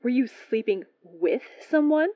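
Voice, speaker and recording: A woman's voice: a little high, lively intonation, moderate pace, dry recording, dull audio, lightly acted. A woman voicing a playful, gossip-hungry male spy who wheedles and pouts at his friend. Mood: teasing.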